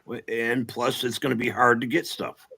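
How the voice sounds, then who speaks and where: A man's voice: mid-range voice, flat delivery, normal speed, creaky, pushed and bright, husky. A man in casual political chat, blunt and sarcastic, swearing freely.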